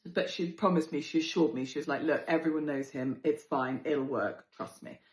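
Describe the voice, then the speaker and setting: A British woman hosts a podcast and tells a story in a chatty, expressive way. She swears freely and jumps into exaggerated voices for the people she quotes. Her voice sits a little low, and there is a roomy echo around it. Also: normal speed. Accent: British English. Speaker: podcast host. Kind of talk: casual storytelling.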